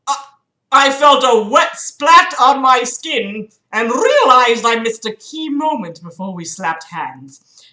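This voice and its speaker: Woman, slow sarcastic book reading with wry commentary, bright lively voice, echoey room. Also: a little high. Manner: sarcastic, laughs often, swears. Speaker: livestreamer reading a book aloud. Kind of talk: mocking read-aloud with commentary.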